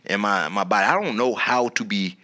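Goofy, bright-voiced young man chatting. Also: lowish voice, brisk. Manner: goofy, self-mocking, laughs often. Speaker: podcast co-host. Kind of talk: casual chat.

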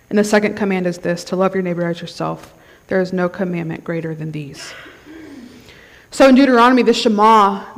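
A woman's voice: fairly low pitch, brisk, gravelly. A woman giving a conversational sermon at a conference, often checking in with the crowd. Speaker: conference speaker. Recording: long hall reverb.

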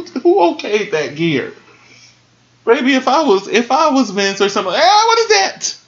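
A man talks through last night's wrestling show in a sassy, animated way, laughing often and jumping into sudden high squeals. His voice sits mid-range, and the recording sounds dull and lo-fi, as if made at home. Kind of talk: casual recap commentary.

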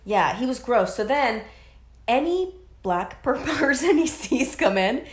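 A woman's voice: fairly high pitch, measured pace. Gossipy young woman in an echoey room. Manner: gossipy, animated storytelling with quoted voices. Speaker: waitress telling a story. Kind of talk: casual chat.

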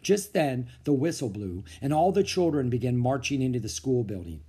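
A man reading a children's novel aloud as a podcast storyteller, with expressive, animated narration. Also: mid-range voice, normal speed, slightly rough.

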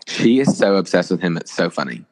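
A man's voice: low-pitched, big pitch swings, brisk. A young man co-hosting a podcast, chatting casually about celebrity gossip with lots of filler words. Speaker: podcast co-host.

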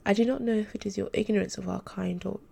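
A woman's voice: mid-range voice, steady tone, fast, creaky, dark tone, breathy edge. A woman reading the part of a troubled young female angel tutor in a formal, hesitant, restrained way. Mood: earnest.

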